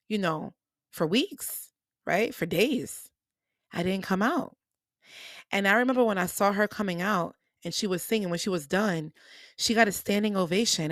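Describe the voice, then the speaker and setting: A woman's voice: medium pitch, no room sound. Podcast host woman telling stories. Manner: animated, acts out quoted dialogue. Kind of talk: personal storytelling monologue.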